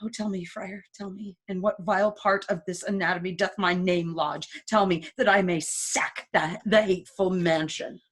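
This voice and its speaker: A woman reading aloud as a despairing young male lover in a casual play reading, in a quiet, subdued way. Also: on the low side, steady tone, moderate pace, hardly any pauses, close to an everyday voice.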